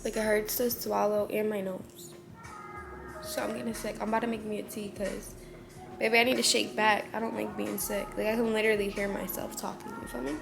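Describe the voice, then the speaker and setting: A woman's voice: mid-range voice, flat delivery, fairly quick, vocal fry, over music. Stuffy-nosed young woman vlogging casually. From Florida. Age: 20s. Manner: laid-back, slangy, talks straight to viewers. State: stuffy nose from a cold. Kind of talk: casual vlog chat. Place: her apartment, indoors.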